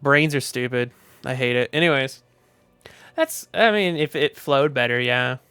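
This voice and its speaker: A man with a Southern US accent chatting casually on his stream, loose, profane and quick to laugh. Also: mid-range voice, pushed and bright, clean tone, no echo. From Southern United States. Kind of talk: casual livestream chat.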